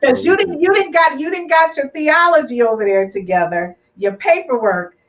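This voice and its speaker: A woman's voice: high-pitched, normal speed, slight background noise. A woman hosting a live relationship podcast, talking in an emphatic, preachy way. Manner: emphatic, preachy, repeats "do you hear me" and "I'm gonna tell you right now". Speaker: podcast host. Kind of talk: casual live podcast chat. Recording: distant, slightly muffled sound.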